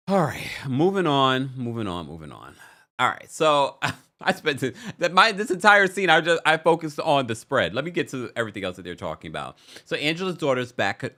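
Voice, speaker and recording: A man hosting a casual reality TV recap, reading viewer comments aloud with sassy, playful asides. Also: fairly low pitch. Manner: animated, sassy, reads chat comments aloud. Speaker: recap channel host.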